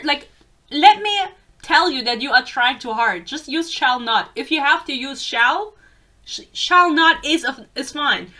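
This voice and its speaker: A woman's voice: high-pitched, very animated, moderate pace, pushed and bright. Ranting young woman. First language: German. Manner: exasperated, sarcastic, swears freely. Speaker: book reviewer. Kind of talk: casual book rant.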